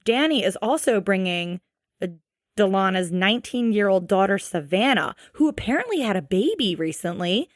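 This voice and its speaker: A woman co-hosting a podcast, recapping a show in casual chat, animated and swearing freely. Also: mid-range voice, moderate pace, dry recording, clean studio sound. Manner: animated, swearing, acts out quotes. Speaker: podcast co-host.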